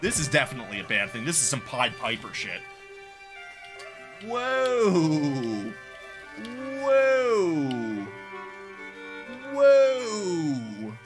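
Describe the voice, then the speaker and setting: A man's voice: medium pitch, animated, fast, few pauses, music in the background. A man streaming a game live, chatting casually, reacting aloud and greeting viewers in chat. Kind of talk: live gameplay commentary.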